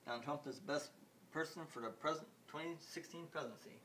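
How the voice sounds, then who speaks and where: A man making a casual home video about video games, talking in a halting, repetitive way with many restarts. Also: a little high, fairly bright tone, slight background noise. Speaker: video game vlogger. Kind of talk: rambling home video chat.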